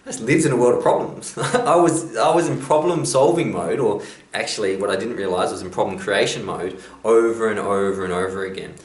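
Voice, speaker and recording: Chatty man, lowish voice. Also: fairly quick, roomy sound. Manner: chatty storyteller. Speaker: self-help vlogger. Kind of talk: motivational talk.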